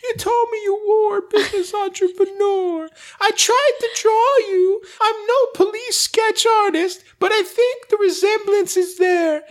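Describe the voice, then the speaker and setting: A woman's voice: a little slow, few pauses. A man putting on the voice of a pregnant young woman who sounds like a tiny mouse, pleading and close to tears. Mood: tearful pleading. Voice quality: high squeaky mouse-like voice.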